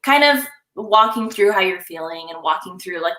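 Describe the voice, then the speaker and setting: A young woman with a bright, forceful voice talks in a lively, animated way and keeps breaking into laughter. She acts out short scenes as she chats. The sound carries some room echo. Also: mid-range voice, moderate pace. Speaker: confidence coach, guest. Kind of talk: casual live-stream chat.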